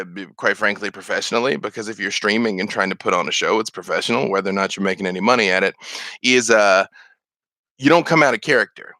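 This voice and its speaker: A man's voice: lowish voice, bright, forceful tone, no echo. A man answering viewer questions on a casual live stream, rambling with many fillers and restarts. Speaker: streamer and game master.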